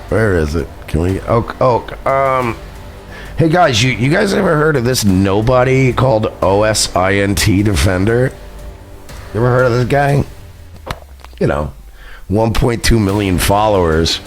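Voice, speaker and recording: On his livestream, a man with a lowish voice and vocal fry rambles through a profane story about a party. He laughs at himself as he tells it in casual stream chat.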